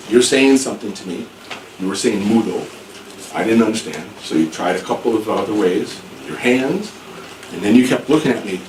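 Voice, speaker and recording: A man teaching an English class, speaking slowly and clearly and rephrasing things so learners can follow. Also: fairly low pitch, lively intonation, a little mellow. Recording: echoey room, distant mic, background noise.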